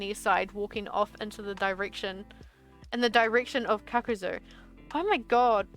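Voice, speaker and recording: A woman's voice: mid-range voice, a bit bright. A young woman streamer reading her old story aloud, breaking off into exasperated, swearing asides.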